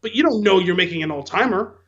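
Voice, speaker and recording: A man with a fairly high voice talks through a film in a measured, explanatory way as a podcast co-host. His audio sounds slightly dull and muffled. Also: animated, a bit bright. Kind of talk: casual movie discussion.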